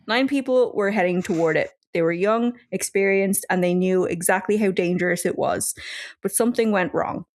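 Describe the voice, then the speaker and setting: A woman co-host narrates a true mystery in a casual podcast, her voice in an ordinary middle register. She reads from a prepared script but breaks off into relaxed, joking asides. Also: medium pitch, normal speed.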